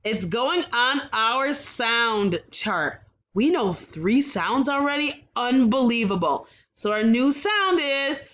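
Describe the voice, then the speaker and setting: A woman teaching a phonics lesson to young children, sounding out words slowly and praising often. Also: fairly high pitch, fairly bright tone.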